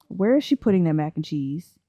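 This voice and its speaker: A woman's voice: on the low side, big pitch swings, brisk, dark tone, no echo, lo-fi sound. A young woman giving chatty, playful commentary while playing a life-simulation game. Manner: chatty, playful, laughs often. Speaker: let's play host. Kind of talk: casual gameplay commentary.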